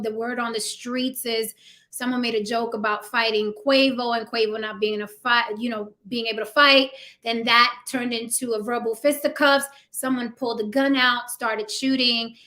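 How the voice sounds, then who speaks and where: A woman's voice: on the high side, pushed and bright. A woman hosting her own live-stream talk show, chatting casually with many ums and "right?" asides, her voice a little worn. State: slightly losing her voice. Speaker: host.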